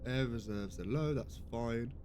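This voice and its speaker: A man's voice: mid-range voice, measured pace, background noise. A young British man giving casual live commentary on a game, chatty and giggly, swearing now and then. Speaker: streamer.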